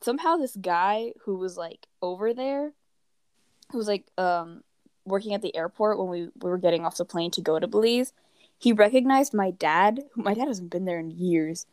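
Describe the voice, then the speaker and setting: Teenage girl, casual rambling chat, lots of "like", middle-pitched voice, dry close recording. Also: normal speed, a little mellow, no echo. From United States. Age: teens. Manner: rambling, heavy use of "like", acts out quoted people. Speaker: guest telling travel stories.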